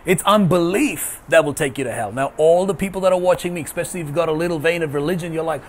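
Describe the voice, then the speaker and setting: A man's voice: a little high, quick pace, slight background noise. A man preaching an online sermon as pastor, emphatic and repeating his key phrases. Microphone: video call.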